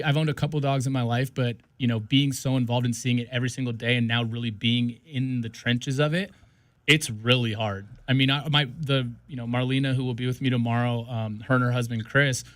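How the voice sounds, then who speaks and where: A man's voice: mid-range voice, level tone, quick pace, a bit bright, dry recording. A man talking earnestly as a guest in a radio studio, with restarts and trailing phrases. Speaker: radio guest from an animal rescue group. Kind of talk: casual radio chat.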